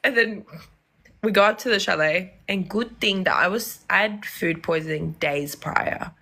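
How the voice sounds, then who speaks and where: A young woman from Lebanon telling animated stories in casual chat, acting out the people she quotes. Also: mid-range voice, moderate pace, creaky. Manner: animated, acts out voices in quoted dialogue. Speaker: podcast guest. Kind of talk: casual storytelling.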